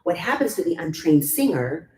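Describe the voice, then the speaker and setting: A middle-aged woman vocal coach leads a workshop in a chatty, demonstrative way. Her voice sits low and mellow. The room adds a roomy echo and a faint hum. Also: very animated, moderate pace. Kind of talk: workshop teaching.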